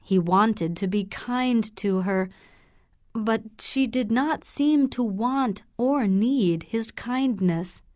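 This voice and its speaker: A woman narrating a graded English learner audiobook in a slow, clear, measured way. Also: a little high, a little mellow, no room sound, clean studio sound.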